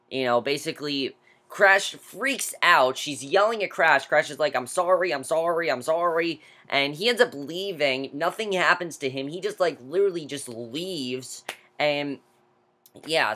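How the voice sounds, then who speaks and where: Young male reviewer, casual recap, excitable, rambles with lots of fillers, mid-pitched voice. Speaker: TV episode reviewer.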